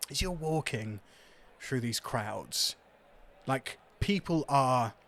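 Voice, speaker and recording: A man narrating a tabletop game as game master, in a relaxed, descriptive way. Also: mid-range voice.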